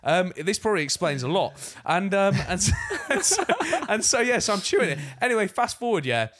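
A young man with a slightly high voice rambles through a story in relaxed podcast chat. He laughs as he goes and keeps piling on asides. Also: a little fast. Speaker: podcast co-host. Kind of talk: casual chat.

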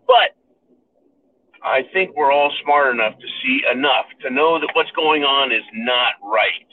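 Sarcastic ranting man over a tinny line. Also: a little high. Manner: sarcastic, ranting, addresses listeners as folks. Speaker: podcast host. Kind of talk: opinionated political monologue. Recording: tinny phone-like sound.

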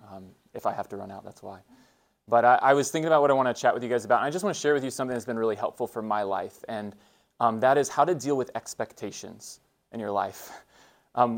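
A man in his thirties giving an earnest, conversational faith talk to students, with frequent fillers and restarts. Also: mid-range voice. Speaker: guest speaker at a school.

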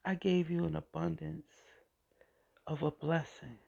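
A woman hosting a podcast, telling a personal faith testimony in an emotional, halting way and often repeating her phrases. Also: low voice, flat delivery, creaky, mellow. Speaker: podcast host. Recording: dull lo-fi recording.

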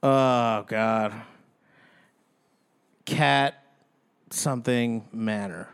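A man with an ordinary mid-range voice guesses at a puzzle in relaxed chat. He jokes, laughs easily and works things out aloud. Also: mid-range voice, very slow, gravelly, smooth. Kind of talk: casual podcast banter.

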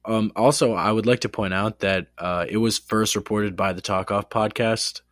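A man hosting a sports podcast, excitable and playful, hyping the show between casual chat. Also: lowish voice, moderate pace, dry recording, clean studio sound. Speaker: podcast host.

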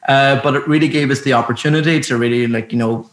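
A man's voice: mid-range voice, fast talker. Laid-back guy plugging his film studio on a podcast, ums a lot, echoey room. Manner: relaxed, hesitant, many fillers. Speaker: guest, film studio co-founder. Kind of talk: casual podcast interview.

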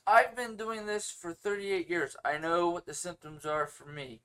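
A man's voice: sits high, steady tone, moderate pace, fairly bright tone, clean tone. A man in his thirties with a stuffy nose, co-hosting a casual podcast and ranting with sarcastic, opinionated energy. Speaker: podcast co-host.

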